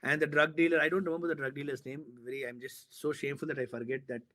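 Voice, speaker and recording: A man, a filmmaker from India, talking in an interview and excitedly retelling a film scene with sound effects and repetition. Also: fairly high pitch, rapid-fire. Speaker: filmmaker guest. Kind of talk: animated storytelling in an interview.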